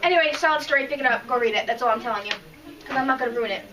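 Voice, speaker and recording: A woman's voice: sits high, rapid-fire, recorded from a distance, crowd noise, low-quality recording. A woman co-hosting a podcast, chatting casually and emotionally about comics she has read, often restarting her sentences. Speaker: podcast co-host. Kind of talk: casual chat reviewing comics.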